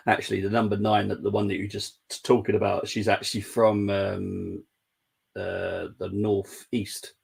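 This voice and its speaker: A man's voice: on the low side, level tone, measured pace, creaky, a little mellow, breathy edge. A man hosting a live football watchalong, chatting casually with a guest, laughing often and trading teasing banter. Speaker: watchalong host.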